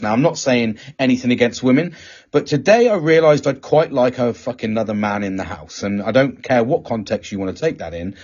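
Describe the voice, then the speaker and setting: Sweary man, husky voice. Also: medium pitch. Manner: sweary animated storytelling. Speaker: podcast host. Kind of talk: casual chat. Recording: dull lo-fi recording.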